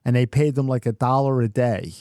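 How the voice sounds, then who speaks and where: A man's voice: mid-range voice, brisk, dark tone, no echo, clean studio sound. A middle-aged man co-hosting a podcast, telling a workplace story in a cursing, ranting way. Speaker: podcast co-host. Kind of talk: casual chat.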